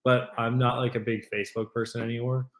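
Profane, animated man in an echoey room. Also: mid-range voice, brisk. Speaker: podcast co-host. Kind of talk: casual chat.

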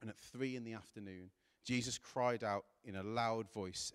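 A man's voice: lowish voice, fairly even intonation, normal speed, clear, resonant tone. A man preaching a sermon, reading scripture aloud with earnest, building emphasis. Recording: long hall reverb.

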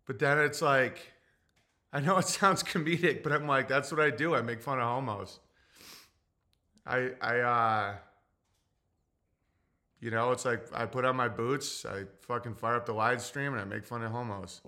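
Man, forties, tearful, halting, lots of fillers, profane, bright tone, casual livestream chat. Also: medium pitch. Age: 40s. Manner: halting and emotional, with many fillers and restarts; profane and blunt. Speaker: livestream host.

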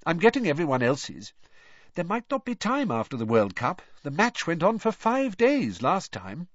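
A man's voice: a little high, wildly swooping pitch, normal speed, no room sound, dull audio, pitched above the performer's own voice. A man voicing a bustling, scolding mother of a big family. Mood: bossy. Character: fussy mother of a large family, woman.

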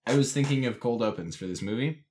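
A man's voice: mid-range voice, expressive, fast talker, darkish tone. A man co-hosting a podcast, talking in a loose, rambling way full of fillers. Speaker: podcast co-host. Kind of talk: casual podcast chat.

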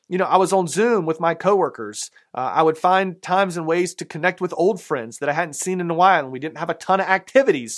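A man's voice: a little high, fairly bright tone. A man with a Southern American accent preaching a sermon as pastor, in a conversational way with many fillers and asides.

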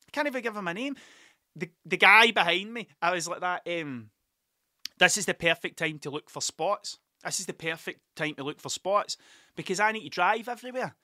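A man's voice: sits high, lively intonation, a little fast, pushed and bright, no echo, clean studio sound. A man, the podcast's host, telling a rambling, sweary and self-mocking story in casual monologue into a desk mic.

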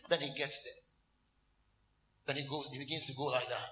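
A man's voice: medium pitch, moderate pace, pauses often, roomy sound. A man preaching a sermon as a minister, asking the congregation questions and acting out scenes with laughter and mock crying. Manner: animated, asks the congregation call-and-response questions.

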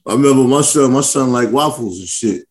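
A man with a mid-range voice co-hosts a relaxed podcast conversation. He jokes around and banters in an easygoing way. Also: mid-range voice, a little fast, a little hiss or hum. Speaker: podcast co-host. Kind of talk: casual chat.

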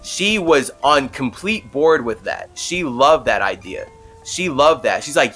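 A man's voice: mid-range voice, animated, measured pace, pushed and bright, soft background music. A man hosting a podcast, telling a story in a rambling, casual way full of "like" fillers. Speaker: podcast host.

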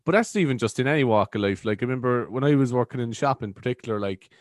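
A man's voice: mid-range voice, animated, very fast, no room sound, clean studio sound. A young Irish man chatting on a podcast in a laid-back, chatty way, swearing casually. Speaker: podcast guest. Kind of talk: casual chat.

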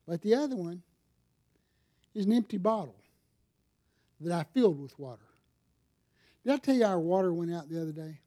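Warm and expressive, the pastor's high-sitting voice moves at a moderate pace with long pauses. He's a middle-aged man preaching in a church sanctuary, keeping things casual with the congregation, asking questions, and bringing in props.

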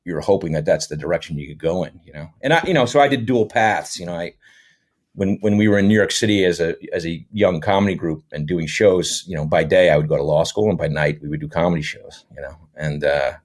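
A man's voice: low voice, fast. A middle-aged American man telling stories in a casual interview, rambling with lots of fillers. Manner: relaxed, rambling, many fillers. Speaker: podcast guest, comedy actor.

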